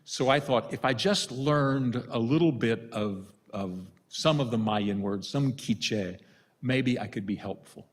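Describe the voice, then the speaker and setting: A man's voice: mid-range voice, a little slow. An older man, a priest from the United States, giving a retreat talk with storytelling and self-deprecating humor. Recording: long reverb of a large hall.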